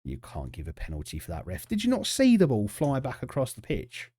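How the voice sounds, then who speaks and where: A man's voice: medium pitch, huge pitch swings, fairly quick, warm tone, no echo, studio quality. A man, chatting casually and joking with viewers while streaming a football management game. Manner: chatty, jokey, reacts to chat and the match. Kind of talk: casual live-stream commentary.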